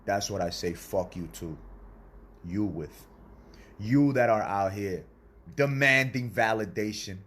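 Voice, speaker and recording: A man delivering a blunt, profane motivational sermon, preaching in a confrontational way to other men and swearing freely. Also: lowish voice. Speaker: self-styled spiritual speaker.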